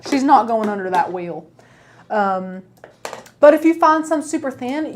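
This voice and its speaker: A woman's voice: a little high, animated, measured pace, a little hiss or hum. A woman with an East Tennessee accent hosting a live craft tutorial, chatty and upbeat, talking straight to her viewers. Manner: chatty, upbeat, keeps addressing viewers as guys.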